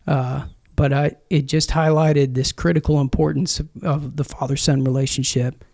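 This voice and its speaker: A man in his thirties, a former Marine, speaking as a podcast guest in an earnest, reflective way, with frequent pauses and restarts. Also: a little high, flat delivery, gravelly, darkish tone. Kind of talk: conversational interview storytelling.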